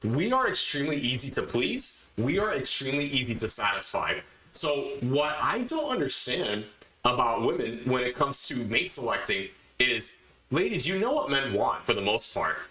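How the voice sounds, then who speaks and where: A man's voice: medium pitch, sing-song, moderate pace, bright, forceful tone, echoey room, poor audio. Emphatic man lecturing on a podcast. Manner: emphatic, lectures the listener directly, repeats points. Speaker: podcast host. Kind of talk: opinionated podcast monologue.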